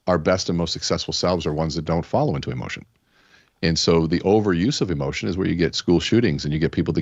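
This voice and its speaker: A man's voice: sits low, no echo, lo-fi sound. A man talking as a guest in an interview, telling stories and sprinkling in fillers like "you know". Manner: storytelling, acts out quoted characters, many fillers. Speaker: keynote speaker, podcast guest. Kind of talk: conversational interview with told stories.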